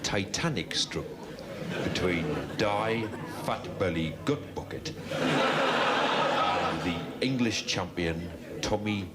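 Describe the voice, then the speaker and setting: A dry, unhurried darts commentator in an old TV comedy sketch. He lingers on every word in a low voice while a loud hiss runs under the old broadcast audio. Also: animated. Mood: deadpan. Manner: slow, measured, dry delivery. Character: deadpan male TV darts commentator. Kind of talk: mock sports commentary.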